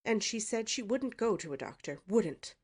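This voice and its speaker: A woman's voice: mid-range voice, lively intonation, moderate pace, voice pushed up, close to an everyday voice. A woman voicing an anxious middle-aged mother who sobs and moans in a storybook reading. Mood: tearful. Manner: sobbing, moaning.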